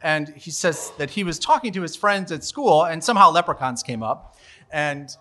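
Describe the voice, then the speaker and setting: A man's voice: a little high, lively intonation, normal speed, bright, forceful tone. A man in his forties telling a funny personal story live on stage into a microphone, chatty and laughing at his own tale. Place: live storytelling show at a bar venue.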